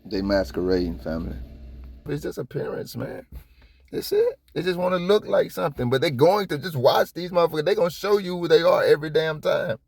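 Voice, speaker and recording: A man giving casual reaction commentary on a police video, rambling and profane, with sudden high-pitched outbursts. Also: animated, quick pace, gravelly. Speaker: copwatch commentator.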